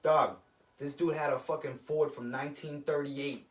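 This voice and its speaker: Guy in a podcast chat, lively storytelling, a bit far off the mic, roomy sound. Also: on the high side, moderate pace. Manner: animated, swearing, storytelling. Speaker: podcast co-host. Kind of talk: casual chat.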